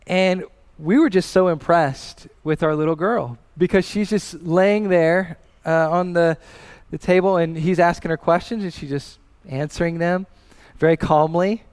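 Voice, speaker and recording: A man's voice: fairly high pitch, a little mellow, clean tone. A man in his thirties preaching a sermon as pastor, earnest and personal, rising in emphasis as he tells a family story.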